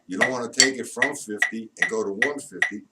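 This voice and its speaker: Low-voiced drum teacher counting beats. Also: male voice, fairly quick, far from the mic, heavy background noise. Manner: steady counting aloud, plain instructive. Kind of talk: spoken drum lesson with counting.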